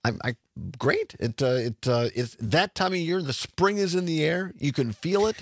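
A man's voice: a little high, animated, normal speed, no room sound, clean studio sound. An older man hosting a radio talk show, chatting casually with many restarts and stammers. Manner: rambling, frequent restarts and stammers. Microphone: studio microphone.

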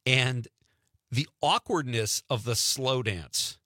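A man's voice: medium pitch, slow pace, sharp tone, no echo. A man in his fifties from Wisconsin hosting a casual radio talk show, chatty and laughing often into a studio mic.

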